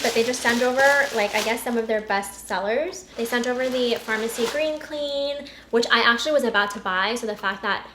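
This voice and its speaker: Chatty woman in an echoey room. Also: fairly high pitch. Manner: chatty, gushing, giggly asides. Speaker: beauty vlogger. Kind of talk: casual unboxing chat. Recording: echoey room with noticeable noise.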